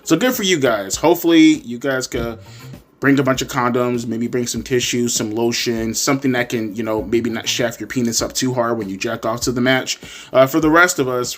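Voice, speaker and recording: A man giving crude, sarcastic, profanity-laced commentary as he reviews a wrestling show. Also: medium pitch. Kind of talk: ranting commentary.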